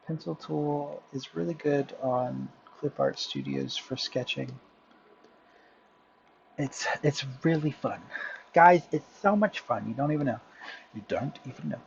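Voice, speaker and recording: Man, casual drawing chat, mutters to himself, slow drawl, faint room ambience. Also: a little high, big pitch swings, creaky, lo-fi sound, slight background noise. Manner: rambling, self-talking, drifts into soft muttering. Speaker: drawing vlogger. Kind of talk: casual talk while drawing. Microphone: headphones with mic.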